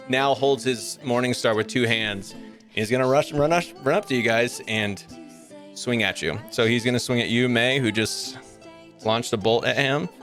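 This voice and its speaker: A man's voice: mid-range voice, fairly bright tone. A man narrating as game master of a tabletop game, rambling with many ums and likes.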